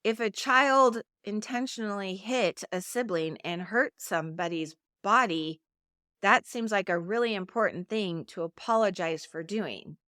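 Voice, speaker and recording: A woman's voice: medium pitch, a little slow, sharp tone, no room sound, studio quality. A middle-aged woman hosting a solo podcast, talking in an earnest, conversational coaching tone. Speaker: podcast host.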